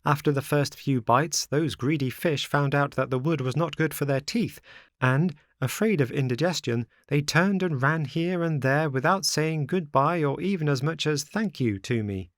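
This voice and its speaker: A man's voice: fairly high pitch, normal speed, no room sound, studio quality, voice pushed up, lightly acted. A man doing an impish wooden puppet boy. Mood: cheeky. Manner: playful, mocking, sing-song.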